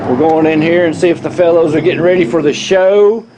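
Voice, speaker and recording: A man's voice: a little high, brisk, background noise. A man hosting a fishing show, touring a bait shop and exclaiming over everything. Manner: enthusiastic, exclaiming. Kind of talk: excited walkthrough banter.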